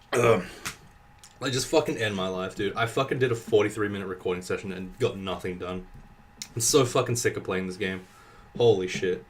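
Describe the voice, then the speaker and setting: A young man commentating his own gameplay, exasperated and swearing, thinking out loud, sweaty and dry-mouthed. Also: deep voice, a little hiss or hum. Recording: slightly distant mic with keyboard typing. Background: faint keyboard typing.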